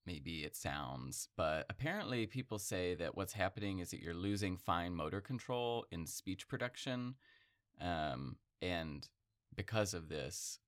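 A man with a very deep voice talks through an idea in a relaxed conversation. He explains patiently and hedges often. The sound is dry and close. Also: a little slow, dry recording. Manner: explanatory, patient, hedging with "like" and "I think". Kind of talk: casual conversation.

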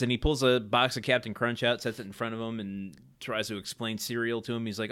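Male podcast co-host, easygoing plot recap, mid-pitched, chuckles between lines. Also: fairly even intonation, a little fast, fairly bright tone. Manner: laid-back plot retelling with chuckles. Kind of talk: casual comedic movie recap.

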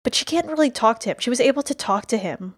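A woman's voice: on the high side, lively intonation, fast, husky, no echo, studio quality. A woman co-hosting a podcast, summarizing episodes in chatty casual talk full of hedges and fillers. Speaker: podcast co-host. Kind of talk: casual recap chat.

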